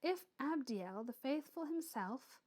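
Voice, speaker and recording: A woman reading an audiobook and voicing a proud, earnest young woman who speaks softly and with quiet fervour. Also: high-pitched, animated, slow. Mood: fervent.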